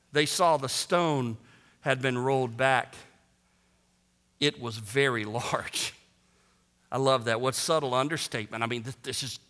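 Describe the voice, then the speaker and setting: A male pastor preaching a sermon, swinging between loud emphatic declarations and hushed, joking asides. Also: fairly high pitch. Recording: long reverb of a large hall.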